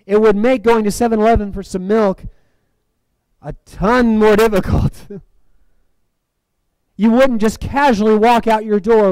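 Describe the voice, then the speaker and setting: A male preacher with a high voice delivers a sermon. He swings from loud, emphatic lines down to hushed, dramatic drops. The sound is dry, with little room echo. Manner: acts out movie quotes. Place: church.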